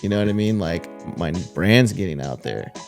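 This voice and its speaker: A man's voice: deep voice, animated, normal speed, creaky, soft background music. A young man hosting a podcast, telling stories in a loose, slangy, casual way with lots of fillers. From Texas. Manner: laid-back storytelling, lots of slang and fillers. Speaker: podcast host. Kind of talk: casual chat.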